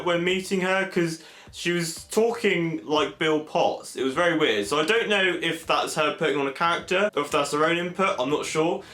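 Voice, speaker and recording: A young man from England chatting excitedly in a casual vlog, full of fillers and animated asides. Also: on the high side. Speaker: vlogger. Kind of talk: casual convention recap vlog. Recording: echoey room.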